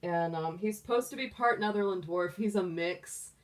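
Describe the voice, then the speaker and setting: A woman's voice: on the low side, moderate pace. A middle-aged woman hosting a tarot livestream from a room at home, chatty and doting, laughing often. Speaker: tarot reader, livestream host. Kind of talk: casual livestream chat. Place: room at home with the door closed. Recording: voice a bit distant from the mic.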